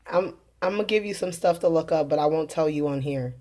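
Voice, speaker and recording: A woman who talks in a rambling, earnest way, laughing often and filling pauses, as she tells viewers of her religious video channel about her day. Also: deep voice, warm tone. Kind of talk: casual spoken testimony to camera.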